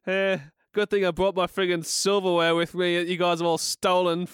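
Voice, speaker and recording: A man's voice: sits high, completely flat delivery, fairly bright tone, clean tone, no echo, studio quality. A man, a podcast co-host chatting and joking. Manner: joking, quick to laugh. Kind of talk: casual chat.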